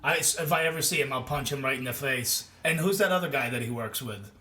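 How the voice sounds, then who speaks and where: A man's voice: medium pitch, a little fast, bright, forceful tone. A man joking sardonically in a casual podcast chat, swearing along. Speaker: podcast co-host.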